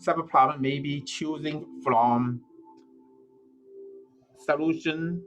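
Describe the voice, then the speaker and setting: A man's voice: on the high side, steady tone, slow pace, a bit bright, soft background music. A male university lecturer working through a problem aloud, with many fillers and restarts. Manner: thinking aloud with frequent "uh" and self-corrections. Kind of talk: recorded lecture.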